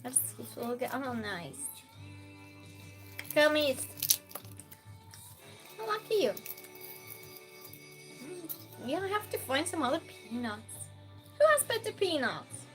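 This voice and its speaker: A woman's voice: sits high, big pitch swings, slow, long pauses, a bit bright, soft background music. A woman hosting a live-stream game night, chatting casually, reading chat aloud and playfully scolding and thanking donors.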